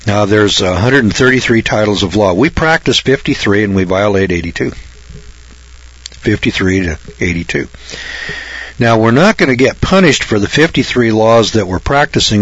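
Blunt, folksy male preacher; husky, somewhat low, dry close sound. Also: expressive, moderate pace, no echo. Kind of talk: folksy Bible sermon. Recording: dull lo-fi recording.

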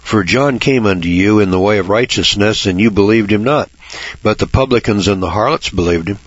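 A Bible teacher offers informal commentary in a blunt, folksy manner, swearing freely and mocking churchgoers with sarcastic asides. His voice is fairly low, brisk and breathy-edged. The lo-fi recording sounds dull, with no room sound.

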